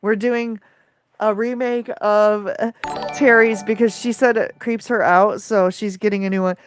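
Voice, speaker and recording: A tired woman hosting a livestream, reading out viewer comments in an excitable, emotional rush. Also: a little high, measured pace, smooth, no room sound. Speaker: livestream host and coach. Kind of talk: live-stream chat reading viewer comments.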